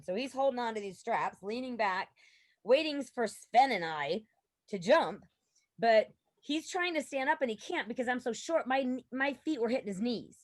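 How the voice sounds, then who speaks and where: High-pitched woman telling a story. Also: no room sound. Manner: animated, laughs often, shrieks in quotes. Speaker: podcast guest, laughter coach. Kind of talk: casual storytelling.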